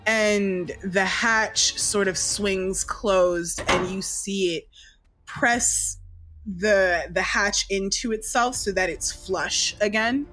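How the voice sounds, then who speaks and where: A woman running a tabletop game as dungeon master, narrating slowly in a casual, descriptive way. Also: medium pitch, sharp tone, faint music behind. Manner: slow, descriptive, casual swearing.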